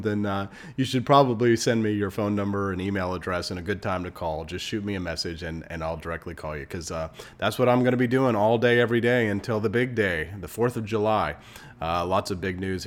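A man's voice: low voice, slight background noise. A man in his thirties from Missouri, hosting a casual podcast and telling stories in a rambling, chatty way with many fillers and restarts. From Missouri, United States. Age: 30s. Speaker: podcast host.

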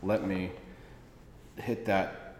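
A man hosting a casual political talk show, chatting in an animated, rambling, jokey way. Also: low-pitched, drawn-out words, roomy sound, big-room sound, slight background noise. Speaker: host.

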